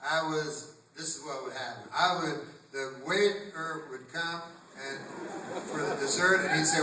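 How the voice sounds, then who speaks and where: A man doing stand-up comedy in a theater, rambling and deadpan, breaking into loud put-on voices. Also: a little high, measured pace, slight background noise. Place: theater stage. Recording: grainy, echoey theater recording from far off. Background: audience laughter.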